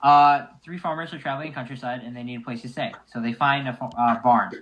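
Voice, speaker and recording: A man's voice: mid-range voice, quick pace, poor audio. A young man co-hosting a casual podcast, telling a long joke and acting out the characters. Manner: animated storyteller, acts out characters. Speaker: podcast co-host.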